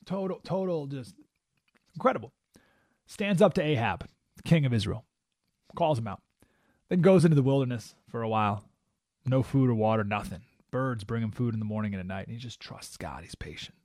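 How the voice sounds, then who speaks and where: A man's voice: mid-range voice, a little fast, long pauses, no echo, studio quality. A male radio talk show host delivering an emphatic, preachy opinion monologue. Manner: animated, emphatic, preachy with acted-out quotes.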